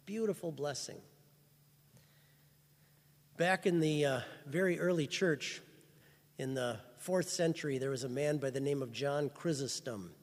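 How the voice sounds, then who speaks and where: A man's voice: on the high side, a little slow, long pauses. A man preaching a sermon as pastor, telling stories earnestly and rising to fervent emphasis. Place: church chapel. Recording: reverberant hall.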